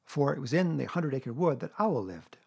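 A man reading a children's storybook aloud in a gentle, measured way. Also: mid-range voice, sing-song, creaky, slightly rough. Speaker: narrator.

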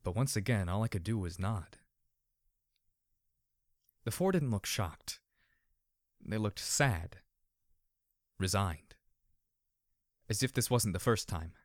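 A man narrating a story in a measured, expressive manner. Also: fairly low pitch, no room sound, clean studio sound.

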